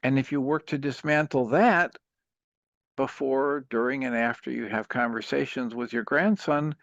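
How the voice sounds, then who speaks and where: A man's voice: medium pitch, moderate pace, creaky, no room sound, muffled recording. Patient male talk show host, dry sound. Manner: earnest, patient, steady counseling. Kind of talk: calm advice on a call-in show.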